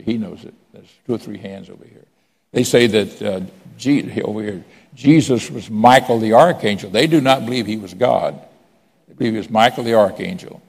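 A man's voice: fairly low pitch, vocal fry, slightly rough, in a large hall. A man preaching a sermon from the pulpit in a conversational way, asking the congregation questions and telling stories. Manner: conversational preaching, asks congregation for raised hands. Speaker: pastor.

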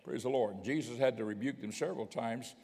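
A male bishop delivers a sermon in an easy, conversational way, stopping to read scripture passages aloud. His voice sits at an ordinary middle pitch. The sound carries a long reverb tail, as if from a large hall. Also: brisk, gravelly, darkish tone, breathy edge. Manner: conversational preaching, reads scripture aloud, chuckles now and then. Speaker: bishop preaching.

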